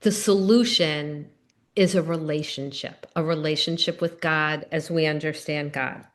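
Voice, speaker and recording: A woman's voice: low voice, fairly even intonation, unhurried. A middle-aged woman giving a recovery meeting talk, telling personal stories in an earnest, conversational way.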